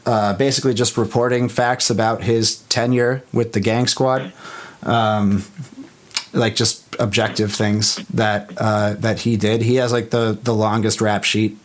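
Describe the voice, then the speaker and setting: A man's voice: fairly low pitch, flat delivery, unhurried. Laid-back male podcast host. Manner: loose and laid-back, says "dude" a lot, uses fillers. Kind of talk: casual chat.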